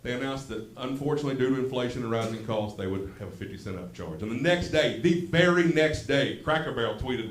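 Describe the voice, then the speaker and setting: A man with a thick Southern West Virginia accent tells self-deprecating jokes in a drawling, storytelling way. He speaks into a handheld mic on a comedy club stage. The room is echoey, and a steady noise runs under his voice. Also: medium pitch, fast, few pauses. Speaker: stand-up comedian. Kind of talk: stand-up comedy set.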